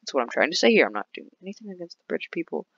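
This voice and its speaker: A playful gaming host rambles through casual commentary and drifts into silly sing-song repeats. The voice sits at a middling pitch. The recording is dull and lo-fi, with a dry, close sound. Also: very animated, very fast, fairly bright tone, breathy edge, no room sound.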